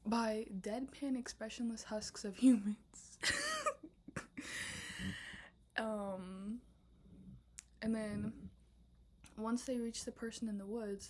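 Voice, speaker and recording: A woman's voice: medium pitch, husky. A young woman casually talking through her film script idea late at night, often whispering and full of filler words. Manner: whispering, then bursting into loud asides. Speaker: student pitching a film script. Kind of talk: casual chat.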